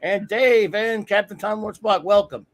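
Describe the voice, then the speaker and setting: A man's voice: sits high, moderate pace. A man hosting a casual chat, greeting viewers by name in a chatty way.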